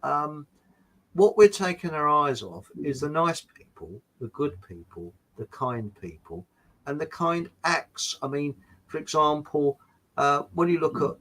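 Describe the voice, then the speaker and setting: A man's voice: a little high, sing-song, unhurried, a bit bright, low-quality recording. An English man chatting as a guest, telling rambling anecdotes with frequent restarts. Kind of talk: casual chat.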